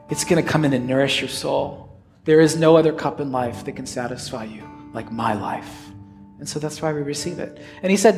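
Earnest pastor in a reverberant church. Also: male voice, mid-range voice. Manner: earnest, swings from raised emphatic lines to hushed prayerful ones. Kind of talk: sermon and communion liturgy. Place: church sanctuary. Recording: long hall reverb with soft guitar.

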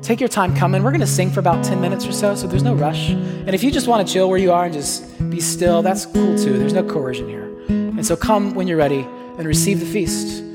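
A man preaching as pastor and leading communion. He speaks earnestly, with slow repeated refrains and livelier asides. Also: sits high, expressive. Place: church sanctuary. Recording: reverberant church hall, soft guitar.

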